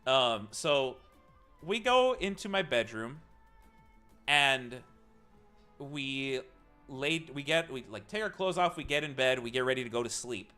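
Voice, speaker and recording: Lively, bright young man telling stories. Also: medium pitch, a little slow, pauses often, soft background music. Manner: animated, laughing often, swearing. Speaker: streamer. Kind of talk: casual storytelling to a live chat.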